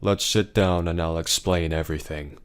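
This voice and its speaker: A man's voice: low-pitched, steady tone, moderate pace, smooth, lightly acted. A man playing a blunt, defensive husband. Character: defensive middle-aged husband.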